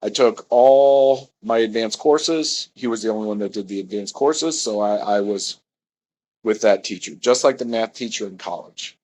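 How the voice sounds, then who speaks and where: A man's voice: fairly low pitch, moderate pace, darkish tone, a little hiss or hum, rough recording. Man rambling through a personal story. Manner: meandering, self-correcting.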